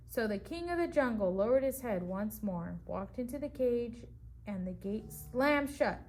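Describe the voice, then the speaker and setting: A woman's voice: on the high side, lively intonation, unhurried, a little mellow. A woman reading a picture book aloud to preschool children as their teacher, stopping to ask them questions about the story.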